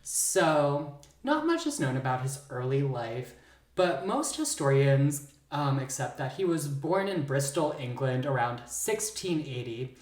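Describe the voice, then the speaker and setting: A man's voice: mid-range voice, big pitch swings, measured pace, roomy sound. A man co-hosting a podcast, chatting casually and slipping into theatrical storytelling with teasing humor. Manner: playful, teasing, theatrical narration. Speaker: podcast co-host. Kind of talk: casual chat with dramatic storytelling.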